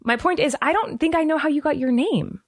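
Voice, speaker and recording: A woman's voice: sits high, no echo. Chatty woman podcast co-host, dry sound. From family from Kansas City, Kansas. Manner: chatty, rambling, quick to laugh. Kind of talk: casual podcast chat.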